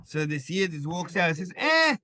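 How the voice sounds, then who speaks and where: A man, a rabbi teaching a class, telling stories in a lively way and acting out the characters' lines. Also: on the high side, brisk, crowd noise. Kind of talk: storytelling Torah class.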